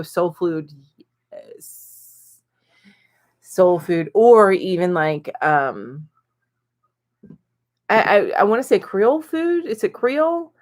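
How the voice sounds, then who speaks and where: A middle-aged woman chats casually on a live stream, reading viewer comments aloud. She fills her talk with ums and small laughs. Her voice sits at a middle pitch but swings lively up and down. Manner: chatty and giggly, many ums, reads comments aloud. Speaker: host of a live chat stream.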